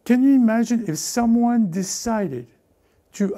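A man preaching a lively sermon as pastor, often repeating himself and acting out what people say. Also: fairly high pitch, measured pace, gravelly. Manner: animated, repeats words, acts out characters. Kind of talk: lively sermon with acted-out voices.

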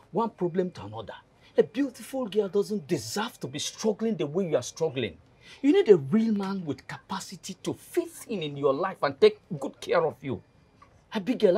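An actor playing a pushy landlord with a Nigerian accent, scolding and nagging about rent in a film drama. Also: male voice, high voice, husky, heavily acted. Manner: loud, nagging, scornful. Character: pushy middle-aged landlord, scolding and leering.

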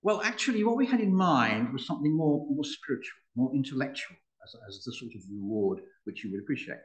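A man's voice: medium pitch, lively intonation, brisk, close to an everyday voice. A man voicing an angel in a told joke, polite and a little apologetic. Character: angel granting a statesman a reward. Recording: roomy hall.

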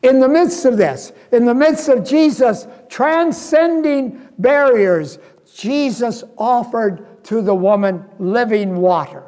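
A male pastor preaching slowly and earnestly, his fairly high voice carried by a long church reverb. He leans on rhetorical questions to draw the congregation in. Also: expressive, a little mellow. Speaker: guest pastor. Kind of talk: sermon. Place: church sanctuary.

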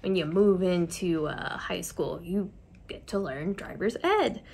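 A young woman tells a personal story while getting ready. Her voice has a gravelly fry to it, and she talks in a chatty, confiding way, often poking fun at herself. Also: on the low side. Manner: chatty, confiding, self-deprecating. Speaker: vlogger.

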